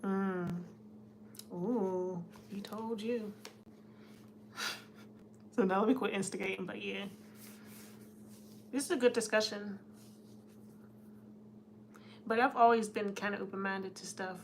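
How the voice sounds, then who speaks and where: Woman livestream host, easygoing and chatty, mid-pitched, faint room hum behind. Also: steady tone, slow, pauses often. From United States. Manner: chatty, laughs often, talks to chat. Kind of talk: casual live chat reading comments.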